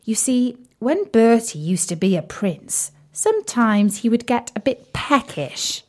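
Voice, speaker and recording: A young woman telling a children's story in a playful, animated way, sometimes dropping to a whisper. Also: fairly high pitch, a little slow.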